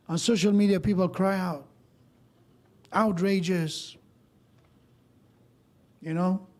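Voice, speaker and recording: Man preaching at a mosque, kinda high but mellow voice, walks thru verses and tells little stories. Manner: explains verses step by step, tells stories with quoted dialogue. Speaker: speaker at a mosque. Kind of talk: sermon.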